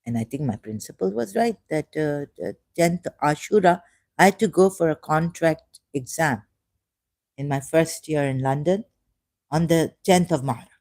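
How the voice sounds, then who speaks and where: Speaking at normal speed in a low, expressive, mellow and warm voice, a woman from Pakistan shares views as an ex-Muslim in a digressive monologue. Her repeated phrases alternate between hushed asides and abrupt emphatic, raised bursts. The recording is dry and close.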